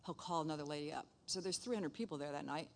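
Middle-aged lady nurse telling her faith story, lively, acts out the voices, laughs a lot. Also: low-pitched, fast talker, vocal fry, slight background noise. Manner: animated, laughing, acts out dialogue. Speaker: speaker sharing testimony. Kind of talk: casual testimony storytelling.

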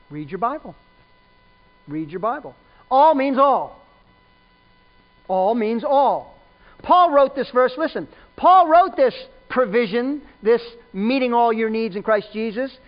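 In a dull, lo-fi recording, a medium-pitched preacher gives an emphatic sermon, hammering home key lines through repetition and putting questions to the congregation.

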